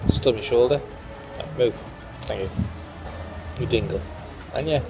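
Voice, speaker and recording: A man's voice: medium pitch, measured pace, gravelly. A tired man from the UK casually reviewing a cruise ship cabin in a vlog, chatty and matter-of-fact. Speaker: vlogger touring a cruise cabin. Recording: background music mixed over the voice. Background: music.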